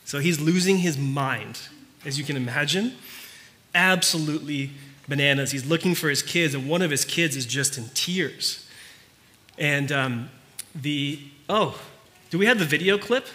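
A man preaching, telling a story in a conversational way that turns quiet and earnest. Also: on the high side, measured pace. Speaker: pastor. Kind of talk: sermon.

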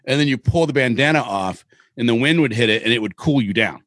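Middle-aged man from Seattle, podcast co-host, rambling animated storyteller, dry close sound. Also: mid-range voice, fast talker, dry recording. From Seattle, Washington. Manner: rambling, animated anecdotes with casual swearing. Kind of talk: casual storytelling chat.

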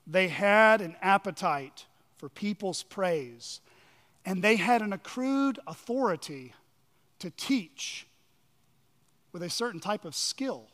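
A man preaching a sermon with emphatic, measured delivery and dramatic pauses, often dropping his voice low for effect. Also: a bit bright. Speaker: pastor. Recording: long reverb of a large hall.

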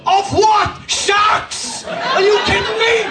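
Man, Irish accent, pastor, sermon, high voice, animated and jokey, distant mic, echoey hall. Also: slow pace, shouting, a loud crowd, heavy background noise. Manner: animated, jokey, laughing through his stories. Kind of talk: sermon with humorous storytelling. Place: large church hall.

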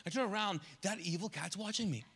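A man preaching a sermon as a pastor, telling a comic story with lively quoted asides, recorded live in a church. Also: sits high, fast talker, slight background noise. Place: large church auditorium. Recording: live church hall reverb.

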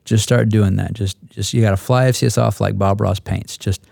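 Male instructor pilot, dark gravelly tone, dry close mic, rambling anecdotal delivery. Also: on the low side, steady tone, no echo. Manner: halting, repeats words, restarts. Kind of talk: roundtable storytelling.

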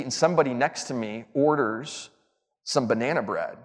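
Here a man from the Southern United States preaches a storytelling sermon in a church auditorium, speaking fairly quickly in a mid-range voice. He's chatty and pokes fun at himself before landing emphatic points, and the big hall's reverb lingers.

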